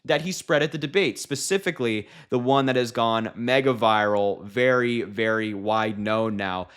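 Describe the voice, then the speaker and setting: A man's voice: medium pitch, moderate pace, a bit bright, clean tone. A man giving sarcastic, incredulous political commentary and mocking what he has just played.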